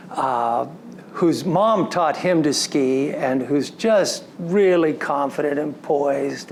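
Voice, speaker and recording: A man giving a storytelling lecture to an audience, recounting a personal story in an animated way and slipping into quoted dialogue. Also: a little high, vocal fry, slight background noise. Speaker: story coach.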